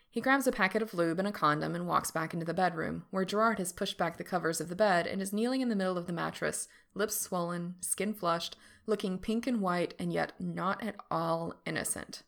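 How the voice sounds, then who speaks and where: A woman narrating fiction in a steady, unhurried reading voice. Her tone has a gravelly texture and sits low in pitch. The delivery is even and calm. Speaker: reader.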